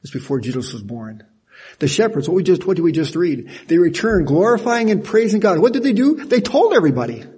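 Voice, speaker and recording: An older man preaching a sermon in a folksy, animated way, laughing at himself now and then. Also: high voice, fairly quick, slightly rough. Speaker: pastor.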